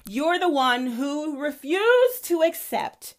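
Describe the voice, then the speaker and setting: A woman's voice: sits high, big pitch swings, takes it slowly, voice pushed up, exaggerated voice. A woman voicing a stern, almighty male God who scolds with blunt profanity.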